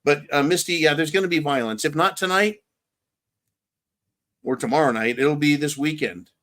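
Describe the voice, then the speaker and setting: Male host, slightly high voice, blunt and profane, rambling political commentary. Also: moderate pace, fairly bright tone. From California, USA. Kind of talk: political commentary, answering viewer questions.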